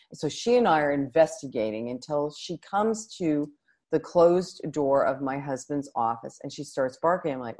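Woman podcaster with a pretty low voice, chatty and animated, starts over a lot. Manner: animated, expressive, with frequent restarts. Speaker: podcast host. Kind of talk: casual personal podcast monologue.

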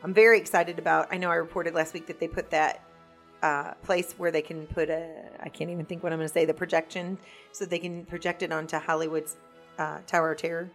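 A woman co-hosts a casual studio podcast in a fairly low voice. She talks excitably and sometimes stumbles over her words mid-sentence. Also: a little fast, soft background music. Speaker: podcast co-host. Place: recording studio.

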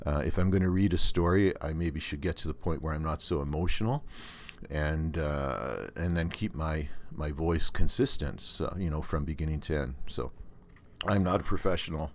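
An older Canadian man with a very low, deep voice hosts his podcast alone. He talks casually and earnestly, rambling and restarting his sentences as he goes. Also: moderate pace, a little hiss or hum. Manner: rambling, with many restarts and fillers. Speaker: podcast host. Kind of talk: casual monologue.

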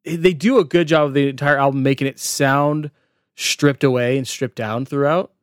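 Male podcast co-host, mid-pitched, casual and chatty, dry close sound. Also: fairly even intonation, normal speed, smooth, dry recording. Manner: chatty, lots of "like" fillers. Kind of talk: casual chat about an album.

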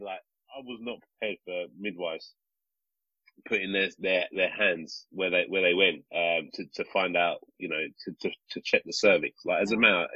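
A podcast co-host who is a father spins a story at a moderate pace in a very deep, husky voice, rambling and restarting often but staying animated. There's no echo, and the dry sound is a bit dull, lo-fi mic style.

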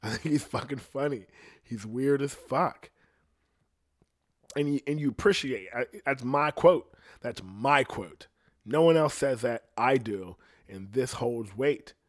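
A man's voice: mid-range voice, measured pace. Rambling profane man hosting a solo podcast. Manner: loose, profane, rambling with many "you know what I mean". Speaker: podcast host.

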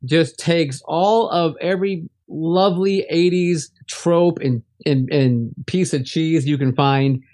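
A man's voice: fairly high pitch, slow, hardly any pauses, a little mellow. A man co-hosting a casual movie-review podcast, rambling with many restarts and frequent laughs. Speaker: podcast co-host.

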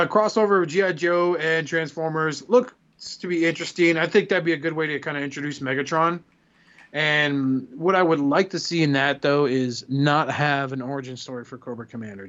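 A man's voice: fairly high pitch, fairly bright tone, dull audio. A man co-hosting a podcast in casual chat, telling rambling profane stories and acting out quotes. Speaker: podcast co-host.

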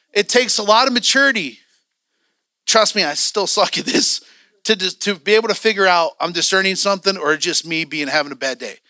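A man's voice: high-pitched, bright, forceful tone, no echo, clean studio sound. A man teaching a church training class, candid and joking, acting out the voices he quotes.

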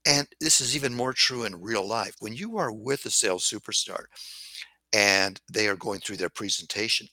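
A man's voice: fairly low pitch, normal speed, bright, forceful tone, no echo. An older man co-hosting a podcast, teaching about sales scripts with emphatic, repeated phrases and asides telling listeners to write things down. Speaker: co-host, sales persuasion expert. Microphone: headset.

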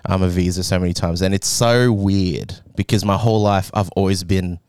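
A low-voiced young man chatting casually on a podcast. He rambles with lots of fillers and laughs through his stories. The mic is close and the sound is dry. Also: steady tone, normal speed, a little mellow, clean tone, dry recording. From Australia. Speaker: podcast co-host. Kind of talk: casual chat.

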